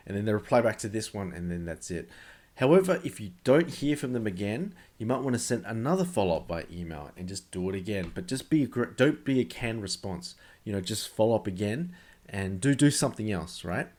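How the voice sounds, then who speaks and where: A man gives sales advice straight to camera in a loose, chatty way. His voice sits a little low, and he stresses key points hard, circling back and repeating phrases as he goes. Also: lively intonation, fairly quick, a little mellow. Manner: emphatic, conversational, often repeats himself. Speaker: sales coach. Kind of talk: casual instructional talk to camera.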